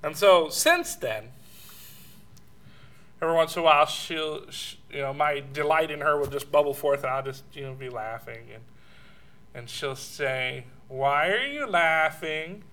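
A man preaching a sermon, telling personal stories with chuckles and at times sinking to a soft hush. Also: fairly high pitch, steady tone, normal speed.

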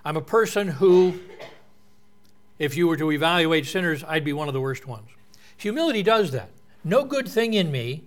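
A man's voice: on the high side, lively intonation, normal speed, long pauses. A man preaching a sermon in an earnest, explanatory way, quoting and unpacking scripture.

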